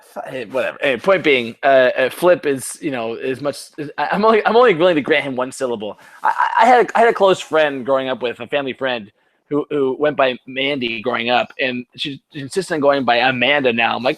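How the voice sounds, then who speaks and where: A man's voice: medium pitch, a little fast, a bit bright. A man co-hosting a casual sports podcast, rambling and swearing with many restarts, a bit tipsy from drinking. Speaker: podcast co-host.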